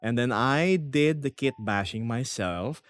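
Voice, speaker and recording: A young man streaming from his small apartment, chatting casually with viewers and reading their comments aloud in a lively, self-deprecating way. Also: medium pitch, a little slow. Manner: animated, self-deprecating, reads chat aloud. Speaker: VTuber streamer. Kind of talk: casual livestream chat.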